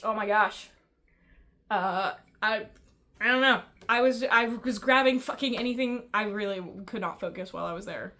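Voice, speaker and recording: A woman talking straight to camera in a casual vlog, venting with blunt frustration and plenty of swearing. Her voice sits somewhat high, and she stumbles and restarts as her thoughts race ahead. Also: normal speed, bright, forceful tone. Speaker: vlogger.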